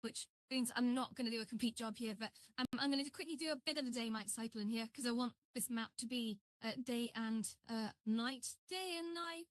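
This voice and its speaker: A woman's voice: fairly high pitch, fairly even intonation, a little fast, hardly any pauses, no echo. A woman chatting on a live stream as she builds, rambling and greeting viewers while she works. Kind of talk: casual live-stream chat.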